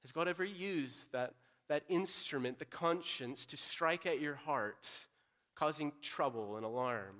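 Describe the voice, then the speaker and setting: Man preaching with a higher voice. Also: unhurried. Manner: earnest, direct, swings between loud urging and quiet appeal. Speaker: pastor. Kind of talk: sermon.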